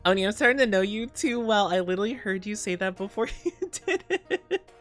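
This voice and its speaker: A woman's voice: medium pitch, fast talker, faint music behind. Giggly woman streamer with a scratchy voice. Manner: giggly, rambling, playful. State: slightly scratchy voice. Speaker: VTuber streamer. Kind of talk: casual live-stream chat, reading chat.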